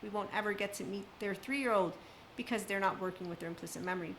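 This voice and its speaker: Woman, spiritual self-help talk, emphatic and preachy, run-on sentences, mid-pitched voice, faint background noise. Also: quick pace, fairly bright tone, poor audio. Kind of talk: impassioned unscripted monologue.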